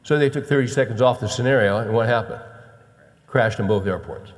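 A middle-aged male pastor telling a story from the pulpit, with a voice pitched right in the middle for a man. He swings from loud, excited bursts down to hushed, weighty emphasis, and his words trail off into the long echo of a big church hall. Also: a little fast. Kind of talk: storytelling sermon. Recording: long reverb of a large hall.

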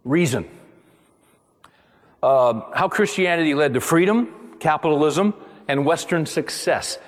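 A man preaching a sermon to his congregation, emphatic, with his voice climbing high on the points he stresses. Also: measured pace, in a large hall. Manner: emphatic, rising to high exclamations. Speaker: pastor.

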